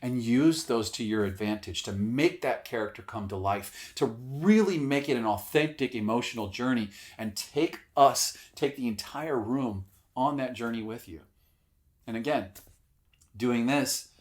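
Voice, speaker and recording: Emphatic man giving acting tips. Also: medium pitch. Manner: emphatic, swears casually, acts out examples. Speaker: acting coach. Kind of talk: casual spoken acting advice.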